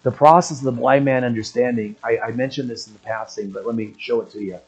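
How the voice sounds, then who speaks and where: Husky older male preacher. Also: medium pitch, quick pace, low-quality recording. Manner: clears his throat often, builds to emphatic raised passages. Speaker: pastor. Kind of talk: sermon.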